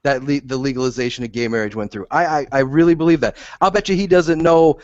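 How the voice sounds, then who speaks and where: A man's voice: medium pitch, fast, a little mellow, no room sound. A man co-hosting a podcast, arguing bluntly and emphatically in casual, profane chat. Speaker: podcast co-host. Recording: dull lo-fi audio.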